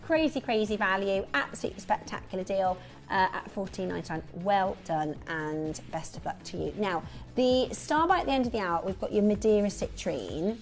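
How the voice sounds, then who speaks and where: A woman presenting a live shopping show, chatty and excitable, with quick asides and repeated exclamations. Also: mid-range voice, soft background music. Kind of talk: live sales chat.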